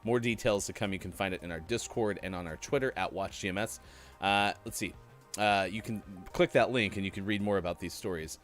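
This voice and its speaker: A man co-hosting a morning show, reading lottery stories in a relaxed, joking way. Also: lowish voice, a little fast, soft background music. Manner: relaxed, joking, reads from a list. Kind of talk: casual chat, reading news items.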